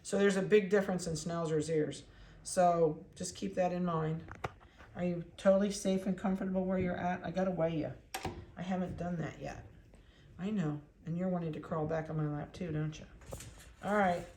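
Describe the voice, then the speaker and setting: A woman's voice: on the low side, fairly even intonation, normal speed, dark tone, reverberant, slight background noise. A woman dog breeder talking casually through a video update, chatty and cooing to the puppies.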